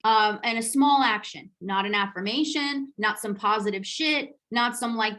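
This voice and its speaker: A woman hosting a podcast, telling a personal story in a candid, lively way, swearing casually and laughing as she retells it. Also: a little high, normal speed, few pauses, rough recording. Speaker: podcast host.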